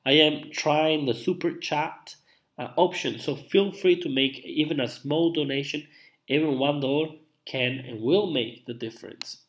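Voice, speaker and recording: A man's voice: fairly high pitch, measured pace. Chatty young man, unwell. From Italy. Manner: chatty, rambling, with many fillers and restarts. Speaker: live streamer. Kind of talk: casual live-stream chat.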